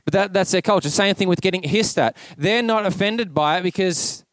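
Australian male pastor, high voice, dry close sound, chatty storyteller. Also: a little fast, a bit bright, dry recording. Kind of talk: casual conversational sermon. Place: church.

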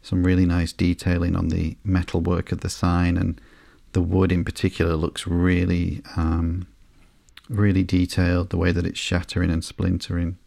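A man hosting a sleepy podcast, reading through a comic slowly and flatly with frequent ums and uhs. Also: low voice, gravelly, dry recording, clean studio sound. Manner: slow, flat and unhurried, with frequent ums and uhs. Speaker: podcast host.

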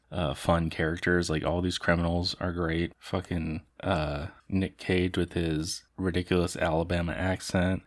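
Tired deep-voiced man rambling about films. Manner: rambling, loose, profane, with fillers and laughs. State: tired and worn out. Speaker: movie reviewer. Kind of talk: casual spoken movie reviews.

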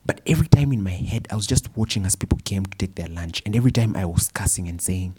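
A young man with a Kenyan accent giving a personal storytelling talk, animated and slipping Swahili phrases into his English. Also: low voice, fast talker, few pauses, husky. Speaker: speaker.

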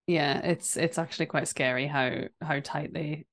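A woman's voice: low voice, steady tone, normal speed. A young woman co-hosting a casual movie podcast, easygoing and often laughing. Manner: easygoing, laughs often, short agreeing replies. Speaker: podcast co-host.

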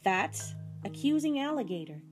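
Playful mom reading a picture book. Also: female voice, high voice, very animated, moderate pace, music in the background. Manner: playful, chatty, pointing things out to a child. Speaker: mother reading to her child.

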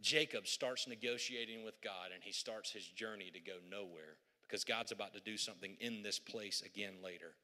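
A man's voice: lowish voice, a little fast, hardly any pauses, bright, forceful tone, long reverb tail. A male pastor preaching a sermon in a humorous, conversational storytelling way, in a church sanctuary.

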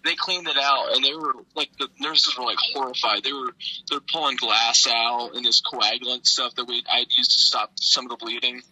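A man's voice: medium pitch, fairly even intonation, brisk, pushed and bright, breathy edge, dry recording, poor audio. A young man, a wrestler being interviewed, tells stories casually in a laid-back, profane way and laughs often. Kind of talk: casual storytelling.

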